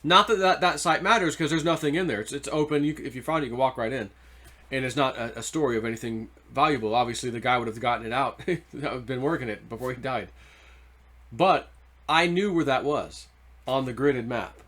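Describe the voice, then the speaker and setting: A man's voice: mid-range voice, brisk, fairly bright tone. A man hosting his own video channel, telling a long story in a rambling, loose way full of "like" and "you know". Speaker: treasure-hunting video host. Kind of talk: casual storytelling monologue.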